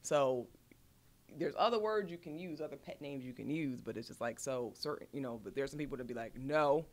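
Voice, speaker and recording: A woman's voice: very deep voice, fairly quick. A woman, an actress, chatting casually on a podcast and telling stories bluntly with plenty of swearing. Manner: blunt, profane, animated storyteller. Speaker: actress guest.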